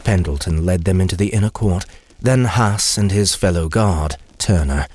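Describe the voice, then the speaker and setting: A man narrating a dark fantasy story in a slow, measured way. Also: low-pitched, slightly rough. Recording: steady cricket and insect noise.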